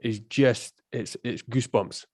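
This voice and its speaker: A man, hosting a podcast chat, talking quickly and eagerly. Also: medium pitch, a little mellow, dry recording, clean studio sound. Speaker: podcast host. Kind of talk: casual chat.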